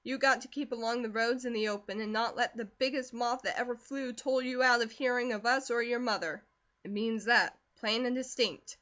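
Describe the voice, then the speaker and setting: A woman's voice: fairly high pitch, steady tone, normal speed, fairly bright tone, lo-fi sound, natural voice. A woman doing a firm, protective country uncle. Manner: firm, reassuring, emphatic.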